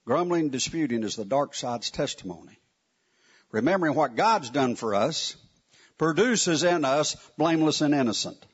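A man's voice: fairly high pitch, animated, moderate pace, breathy edge. A man teaching a Bible lesson in a conversational, wry way, often putting questions to his listeners. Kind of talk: sermon teaching. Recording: dull lo-fi recording.

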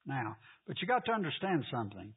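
A man teaches a Bible class, tossing questions to the room and hammering home each point. His voice is husky. The sound is thin and phone-like. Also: mid-range voice, big pitch swings, brisk. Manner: asks the class questions, repeats key points.

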